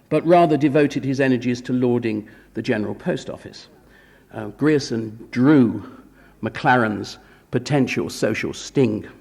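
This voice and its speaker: Male guest lecturer, gravelly, dry irony, recorded with long hall reverb. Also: medium pitch, warm tone. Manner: wry, ironic asides. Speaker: guest lecturer at a film conference. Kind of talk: academic lecture. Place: conference hall.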